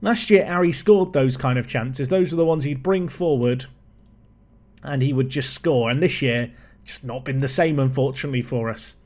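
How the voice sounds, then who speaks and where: A man casually commentating his football management game, chatty and excitable, calling the play and talking to himself. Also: mid-range voice, moderate pace. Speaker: gaming YouTuber.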